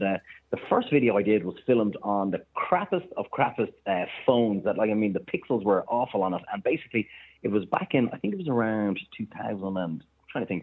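An Irish man, a chef and restaurateur, telling animated anecdotes in casual chat. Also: on the low side, husky. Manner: animated anecdotes, quick bursts of laughter. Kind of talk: casual storytelling on a phone-in. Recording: tinny phone line.

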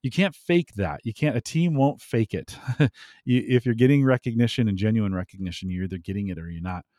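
A man talking as a podcast guest in an animated way, laughing often and pushing up his voice for emphasis. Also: fairly low pitch, fairly quick, dry recording, clean studio sound. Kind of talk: conversational interview.

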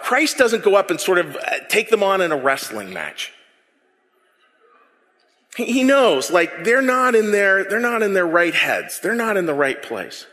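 A man preaching a sermon, animated and repeating words as he builds his point. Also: sits high, long reverb tail. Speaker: pastor.

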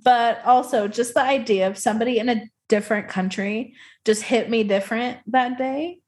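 A woman's voice: fairly high pitch, steady tone, normal speed, darkish tone. A woman co-hosting a podcast from the United States, chatting casually in a giggly, crude and blunt way. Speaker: podcast co-host. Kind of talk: casual chat.

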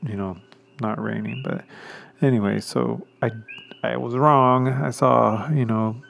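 A man hosting a casual solo podcast, rambling along with many pauses and restarts and chuckling at himself now and then. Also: medium pitch, steady tone, creaky, a bit bright, a little hiss or hum. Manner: chuckles self-consciously. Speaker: podcast host.

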